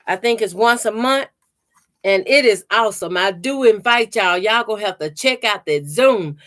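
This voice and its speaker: A woman with a slightly high, somewhat bright voice hosts a quilting channel from a home room near a door. Chatting casually on a livestream, she greets viewers by name and holds her work up to the camera.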